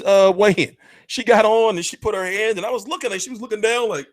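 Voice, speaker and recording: A man's voice: high-pitched, fairly quick, pauses often, no echo. A man hosting a casual boxing livestream, rambling and joking crudely as he chats. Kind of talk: casual live-stream chat.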